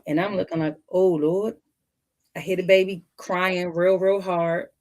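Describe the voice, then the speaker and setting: Animated woman telling a family story. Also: on the low side, moderate pace. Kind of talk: casual storytelling.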